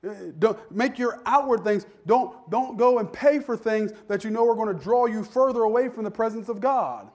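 A man, a pastor, preaching a conversational sermon that swells into fervent shouting. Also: sits high, normal speed, few pauses.

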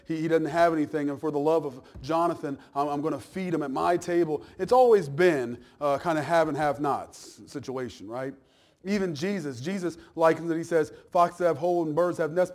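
A man, a pastor, preaching a conversational sermon, teasing the congregation and acting out little asides, swinging from loud emphasis down to quiet, low remarks.

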